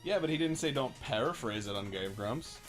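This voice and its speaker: A man co-hosting a casual comedy show, reacting to stories with quick jokes and exclamations. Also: mid-range voice, expressive, a bit bright, soft background music. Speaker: co-host.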